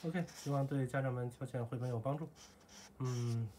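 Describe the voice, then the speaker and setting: Co-host woman, very low register, brisk offhand commentary, clear background noise. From China. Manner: quick, offhand asides. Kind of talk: casual commentary.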